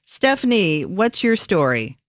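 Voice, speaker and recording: A woman's voice: fairly low pitch, very animated, measured pace, no echo. A woman hosting a call-in radio show in a studio, easygoing and laughing along with callers. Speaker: radio host.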